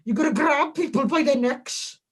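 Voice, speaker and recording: A woman's voice: sits high, normal speed, voice pushed up, close to an everyday voice. A man putting on a bossy Welsh woman. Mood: angry. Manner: scolding, barking orders. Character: sweet-voiced woman, bossy, angry.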